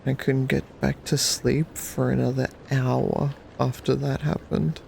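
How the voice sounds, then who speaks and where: A male livestreamer just woken up, with a groggy morning voice and a blocked nose, drawling casually to his chat and breaking into giggles and squeaky cheers. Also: level tone, measured pace, a little mellow, a little hiss or hum. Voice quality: gravelly.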